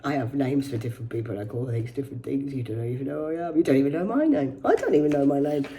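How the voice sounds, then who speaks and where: Her voice is a rumbling low and expressive, and she speaks fast over crowd noise. Reading news headlines in a rambling vlog, this woman curses a lot and adds mocking asides as livestream commentary.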